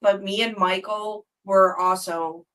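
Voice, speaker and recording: A woman's voice: medium pitch, steady tone, slow, far from the mic, crowd noise, rough recording. A woman in casual chat, telling wry, self-mocking stories.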